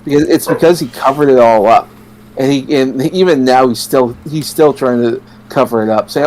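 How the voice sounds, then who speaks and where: A man from Canada co-hosting a podcast in casual chat, stumbling over restarts before quick bursts of talk. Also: medium pitch, darkish tone, rough recording. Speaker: podcast co-host.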